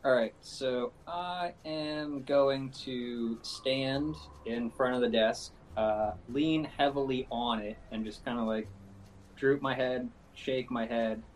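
A man playing in a tabletop game, relaxed as he describes his actions. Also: medium pitch, slow pace, slight background noise, poor audio. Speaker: player. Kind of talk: casual tabletop game chat.

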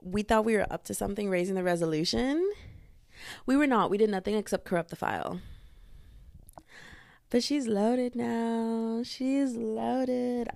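A woman's voice: mid-range voice, creaky, a little mellow, no echo, clean studio sound. A young woman hosting a solo podcast from her bedroom, ranting animatedly and breaking in with repeated interjections. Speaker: podcast host. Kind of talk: casual solo podcast rant.

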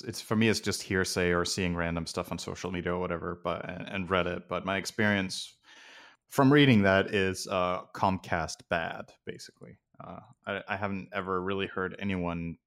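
A man from Denmark talks in a casual stream chat, his voice sitting a little low. He is blunt and opinionated and swears without a second thought. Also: fairly even intonation, normal speed, fairly bright tone.

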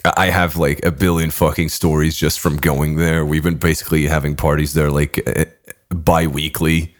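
A man's voice: a bass voice, little pitch movement, normal speed. A man hosting a podcast, telling a rambling, profane story in casual chat and often breaking into laughter. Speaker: podcast host.

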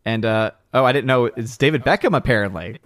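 A man's voice: mid-range voice, brisk, fairly bright tone, no room sound. A man co-hosting a casual chat, reading comments and talking with frequent restarts and fillers. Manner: hesitant, many restarts and fillers. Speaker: podcast co-host reading chat.

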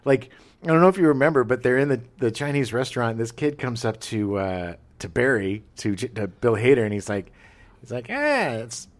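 A man's voice: mid-range voice, fairly quick. A middle-aged man co-hosting a podcast, chatting casually and telling stories with animation and frequent laughs. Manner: animated storyteller, laughs often. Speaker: podcast co-host. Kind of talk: casual chat.

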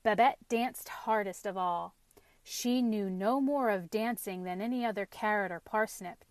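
A woman reading a storybook aloud in measured, lively narration. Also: mid-range voice.

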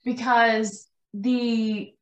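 A woman's voice: fairly high pitch, level tone, very slow. A woman co-hosting a casual podcast who keeps asking questions. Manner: curious, asks many questions. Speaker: podcast co-host.

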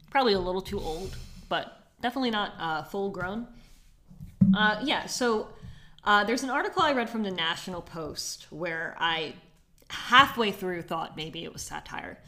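Giggly young woman with lively pitch. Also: a little slow, pauses often, slight background noise. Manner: giggly, reads quotes in put-on accents. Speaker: podcast co-host. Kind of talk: casual chat.

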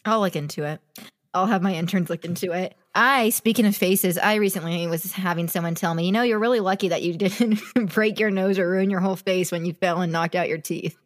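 A young woman in her twenties co-hosting a chatty podcast. She talks very fast, with a slightly low voice, and laughs easily between thoughts. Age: 20s. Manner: fast-talking, laughs often, reflective. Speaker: podcast co-host. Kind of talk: casual chat.

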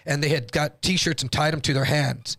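A man from Texas spins a tale in an animated, slangy, profane way. His voice sits a touch high and gravelly, recorded close and dry with no room sound. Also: moderate pace, no room sound. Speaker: guest comedian. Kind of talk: casual storytelling.

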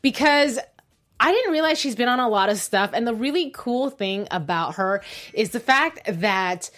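A woman's voice: on the high side, expressive, normal speed, a bit bright. A young woman co-hosting a live online show, chatting casually, laughing easily and making self-deprecating asides. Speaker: co-host.

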